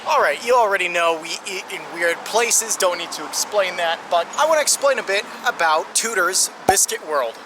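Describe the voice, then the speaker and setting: A man's voice: high-pitched, lively intonation, normal speed, few pauses, noisy background. A man narrating a travel vlog, explaining sights and food with eager, guide-like enthusiasm. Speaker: travel vlogger.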